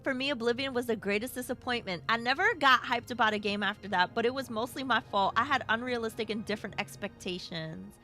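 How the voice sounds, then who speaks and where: A woman's voice: on the high side, fast, hardly any pauses, pushed and bright, soft background music. A woman from Brooklyn with a New York accent, live-streaming a game, chatting playfully and reading chat aloud. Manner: playful, bouncy, chatty with viewers.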